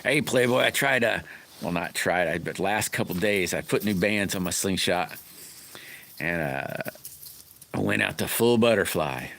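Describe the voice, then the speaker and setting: A middle-aged man hosts a casual livestream. His voice sits very low. He rambles in a folksy way and greets his viewers by name. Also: lively intonation, measured pace, gravelly, fairly bright tone. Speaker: livestream host chatting with viewers.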